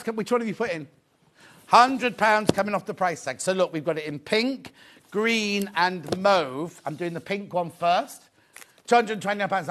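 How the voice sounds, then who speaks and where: A man hosting a live shopping show, chatty and excitable, often repeating his phrases. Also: high-pitched, slight background noise. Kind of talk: live sales presentation.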